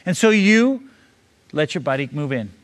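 A man's voice: on the high side, very animated, moderate pace. A man preaching, building a long parable scene by scene and urging the listener to imagine it. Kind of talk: sermon told as a long parable.

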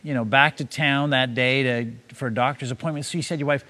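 A man's voice: medium pitch, steady tone, fairly quick, bright, forceful tone. A man preaching, building a long parable scene by scene and urging the listener to imagine it. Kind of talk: sermon told as a long parable.

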